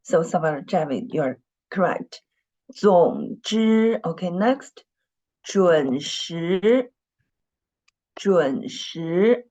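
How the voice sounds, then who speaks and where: A woman leads an online dictation lesson, speaking patiently, repeating words and often clearing her throat. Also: lowish voice, lively intonation, drawn-out words, pauses often, mellow, muffled recording. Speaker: Mandarin teacher.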